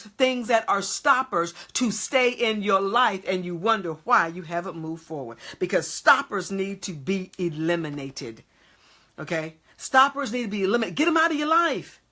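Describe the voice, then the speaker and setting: Bright-voiced woman preaching emphatically. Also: mid-range voice. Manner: emphatic, repeats short checks to the audience. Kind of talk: motivational sermon.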